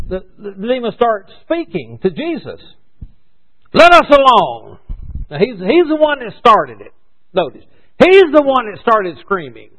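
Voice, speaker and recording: High, lively male preacher. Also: moderate pace, slightly rough. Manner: conversational, rhetorical questions, corrects himself. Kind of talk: sermon. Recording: dull lo-fi recording.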